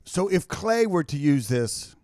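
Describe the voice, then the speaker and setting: A man's voice: on the high side, very animated, measured pace, a little mellow, no room sound, clean studio sound. A man hosting a podcast, playful and joking with his co-host. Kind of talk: casual chat.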